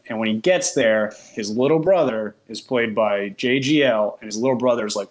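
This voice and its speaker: A man's voice: medium pitch, brisk, hardly any pauses. Man retelling a bad movie, amused. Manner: animated storytelling, laughing at the film. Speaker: podcast co-host reviewing films. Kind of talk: casual chat.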